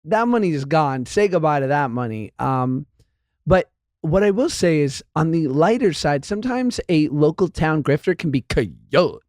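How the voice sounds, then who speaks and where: A man's voice: a little high, very animated, moderate pace, darkish tone, no echo, studio quality. A man hosting a podcast, telling stories in casual chat and laughing often. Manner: chatty storyteller, laughs often. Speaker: podcast host.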